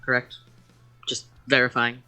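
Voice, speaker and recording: A man's voice: mid-range voice, monotone, a little slow, sharp tone, clean tone, dry recording, faint music behind. A man playing a tabletop role-playing game, checking rules in a hesitant, apologetic way. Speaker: player. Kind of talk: casual tabletop play.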